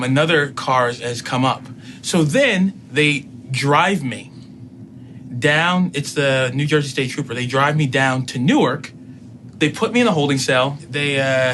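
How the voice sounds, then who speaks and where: Man telling a story with faint noise. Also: mid-range voice. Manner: animated storyteller who acts out both sides of a conversation. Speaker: guest telling a personal story. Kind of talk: casual spoken storytelling.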